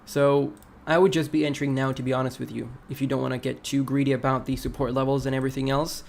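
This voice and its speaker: A man's voice: mid-range voice, fast talker, gravelly, a little hiss or hum. A man hosting a casual crypto livestream, walking through price charts and reading viewer comments aloud. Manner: relaxed, talks through charts, reads chat aloud.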